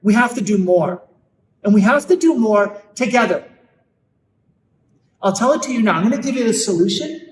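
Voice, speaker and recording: Speaking live to a room of parents, this Catholic man has a fairly high, animated voice and earnestly hammers his key points, stretching them out slowly. The mic sits a little far off, and a large echoey hall adds a faint murmur beneath him.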